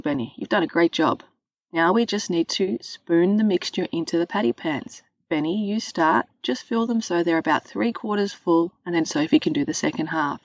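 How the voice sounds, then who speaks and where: Kind patient mother, read by a woman, gentle instructions, dry dull recording. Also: on the low side, no room sound.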